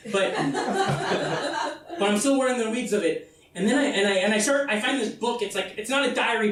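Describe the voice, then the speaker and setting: Male comedian, solo stage show, profane and rambling, incredulous, very echoey room, distant mic. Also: high voice. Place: festival theater stage.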